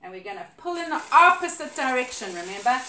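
A woman's voice: high-pitched, quick pace, slight background noise. Sing-song woman teaching small children. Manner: sing-song, animated, encouraging. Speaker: early-years teacher. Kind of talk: online lesson for young children. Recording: echoey room.

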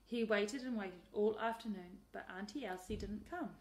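A woman teacher reading a picture book aloud in a lively, expressive way. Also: mid-range voice, moderate pace. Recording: roomy echo.

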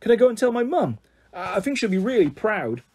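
A man voicing an excitable young schoolgirl with breathless, squealing exclamations in a storybook reading. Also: high voice, a little fast, slightly rough, pitched above the performer's own voice, exaggerated voice. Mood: delighted.

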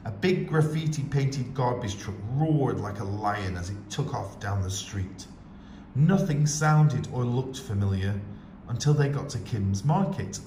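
Slow, expressive man reading a storybook. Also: mid-range voice, slight background noise. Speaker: teacher. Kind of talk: picture book read-aloud. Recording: echoey room with faint ambience.

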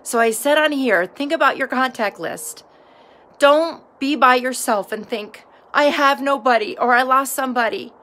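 A woman's voice: sits high, moderate pace, fairly bright tone. A woman filming herself outdoors, talking earnestly and encouragingly straight to her viewers about gratitude. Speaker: vlogger sharing daily gratitude. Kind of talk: casual heartfelt self-filmed talk.

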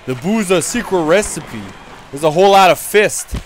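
A man's voice: sits high, animated, normal speed, slight background noise. A man voicing a brash, dim-witted young male hockey goon in rowdy, trash-talking game commentary. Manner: rowdy trash talk, frequent laughs. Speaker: gaming video creator. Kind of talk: in-character gameplay commentary.

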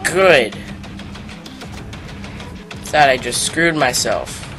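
A young man giving casual, rambling commentary on a shooter game, mocking himself and loudly taunting the enemies. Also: mid-range voice, expressive, drawn-out words. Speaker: gaming YouTuber. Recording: game music playing behind the voice.

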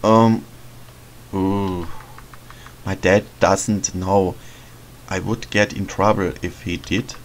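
A man's voice: low-pitched, fairly even intonation, slow, pauses often, slight background noise, poor audio. A man voicing a timid, earnest little scarecrow boy in a game. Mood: shy. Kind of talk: reading game dialogue aloud in a let's play.

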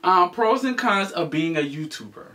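A man's voice: high-pitched, animated, moderate pace, sharp tone. A man co-hosting a casual chat, joking and teasing as he talks. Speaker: co-host. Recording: slightly distant mic with faint noise.

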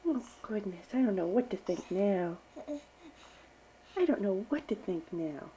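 A woman's voice: mid-range voice, animated, a little slow, dark tone, slight background noise, poor audio. A mother filming her baby at home, talking to him in a cooing, teasing, sing-song baby voice. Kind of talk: baby talk to an infant. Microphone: handheld home video camera.

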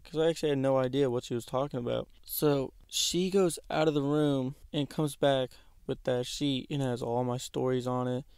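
A man's voice: mid-range voice, a little mellow, clear, resonant tone, dry recording. A teenage boy telling a rambling personal story in casual slang with some swearing. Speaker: YouTuber.

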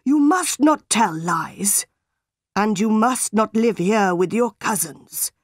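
A woman voicing a cruel, stern, tall male schoolmaster in a storybook reading, speaking slowly and solemnly. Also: medium pitch, expressive, breathy edge, no room sound, studio quality. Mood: accusing. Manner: slow, solemn and threatening.

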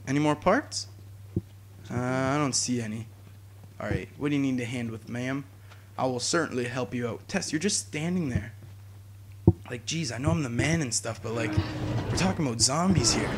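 A young man giving jokey, excitable commentary while playing a video game, talking to his viewers and yelling at enemies. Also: mid-range voice, normal speed, long pauses, noisy background. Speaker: gaming YouTuber. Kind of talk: let's play commentary.

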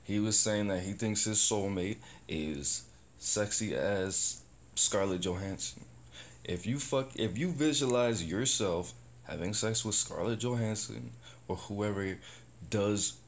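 A man's voice: lowish voice, a little slow. A man talking to camera in a rambling, profane, casual vlog about positivity. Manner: rambling, profane, animated bursts. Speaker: vlogger. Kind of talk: casual self-talk vlog.

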